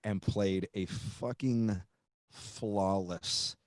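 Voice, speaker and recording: A man's voice: lowish voice, extremely slow, no room sound, clean studio sound. A man hosting a podcast, telling a road story in a loose, profane way and acting out the voices of the people in it. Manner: profane, animated, acts out quoted voices. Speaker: podcast host and guitarist. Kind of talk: casual storytelling.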